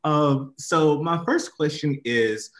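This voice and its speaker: A man's voice: a little high, slow, fairly bright tone. A man interviewing guests over a video call in a chatty way, with lots of fillers. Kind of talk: casual interview. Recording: roomy echo.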